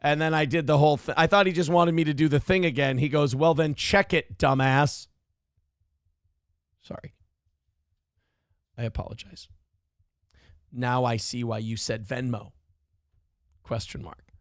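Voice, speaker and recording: A man's voice: medium pitch, steady tone, moderate pace, pauses often, no room sound, clean studio sound. A man hosting a live-streamed talk show who reads out donations in a rambling, profane, self-deprecating way. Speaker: show host.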